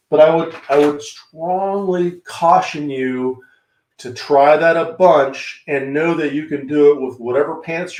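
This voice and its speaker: A man with a Southern American accent teaching handgun technique on a livestream, chatting to viewers by name as he demonstrates on camera. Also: a little high. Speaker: firearms instructor hosting a livestream. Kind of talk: live-streamed teaching and reading viewer comments. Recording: echoey room.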